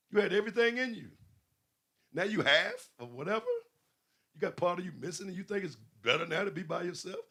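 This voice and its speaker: Gravelly-voiced man preaching. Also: on the high side, a bit bright. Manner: preaching with rhetorical questions and rising emphasis. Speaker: pastor. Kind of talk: sermon.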